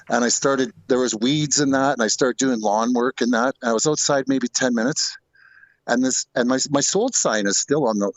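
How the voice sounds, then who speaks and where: Man, middle-aged, casual storytelling, rambling, mid pitch, dry close sound. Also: no room sound, poor audio. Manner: rambling, with many restarts and asides. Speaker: host telling a ghost story.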